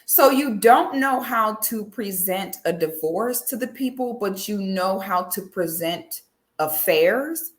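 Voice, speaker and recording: A woman's voice: medium pitch, expressive, takes it slowly. A woman giving casual reaction commentary, sassy and exclamatory, speaking straight to her viewers.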